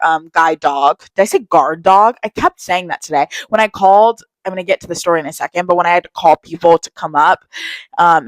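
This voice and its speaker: Young woman yapping to camera, candid, swears a lot, lowish voice, dry close sound. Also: no room sound, low-quality recording. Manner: chatty storytelling, candid and swearing. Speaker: vlogger. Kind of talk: casual chat vlog.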